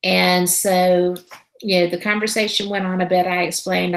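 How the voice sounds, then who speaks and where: A woman with a low, gravelly voice tells a story as a guest in an interview. She is animated and acts out the conversations she describes. Her voice sounds roomy, with echo around it. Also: normal speed. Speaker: guest paranormal investigator and radio host.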